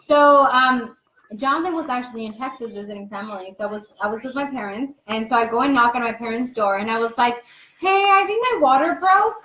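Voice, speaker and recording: A young woman telling a story in casual chat, animated and laughing as she acts out what people said. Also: a little high, fast, a little hiss or hum. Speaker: co-host. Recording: echoey room.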